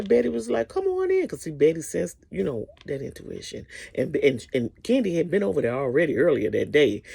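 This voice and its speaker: A woman casually retelling a movie's story in a chatty, animated way, often asking "okay?" and calling the listener "honey". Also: low-pitched, vocal fry, husky, no echo.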